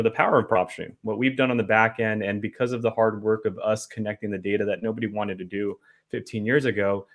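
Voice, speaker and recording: A man appearing as a guest, casually walking through software features step by step. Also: fairly low pitch. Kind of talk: product demo conversation.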